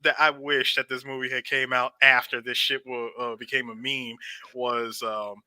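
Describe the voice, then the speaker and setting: A man hosting a podcast, animated, slowing down to retell a scene dramatically. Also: medium pitch, no room sound. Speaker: podcast host. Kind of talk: casual chat.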